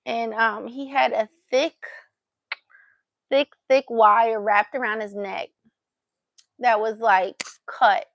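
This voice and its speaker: A woman with a fairly high voice and a gravelly, creaky edge tells a story in a relaxed vlog. She chats to the camera and acts out her own past remarks. The sound is dry and close, with no room echo. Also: slow pace, long pauses, dull audio. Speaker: vlogger.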